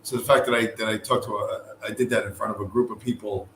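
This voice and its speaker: Man vlogger, low voice, rambling profane chat, echoey room with faint noise. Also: steady tone, fast talker, fairly bright tone. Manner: rambling, profane, many fillers and restarts. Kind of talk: casual travel chat to camera. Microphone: camera mic.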